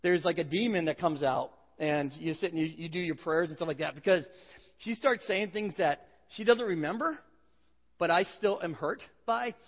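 A man's voice: a little high, moderate pace. A man in his forties preaching a sermon, telling a humorous, self-deprecating family story to his congregation. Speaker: pastor. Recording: dull sound with long hall reverb.

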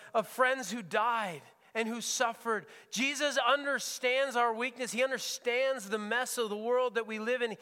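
A man's voice: extremely high pitch, pushed and bright, smooth, long reverb tail. A man preaching as a pastor, earnest and often repeating words as he searches for the phrasing. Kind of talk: sermon. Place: church sanctuary.

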